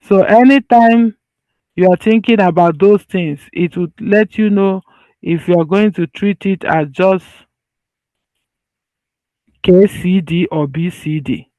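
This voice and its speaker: A man with a fairly high voice teaches a medical lesson, walking through slides in loose, everyday phrasing. He circles back to repeat key points and restarts sentences as he goes. The recording is dry and a little dull and lo-fi. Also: slow pace, pauses often, no room sound. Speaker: medical lecturer.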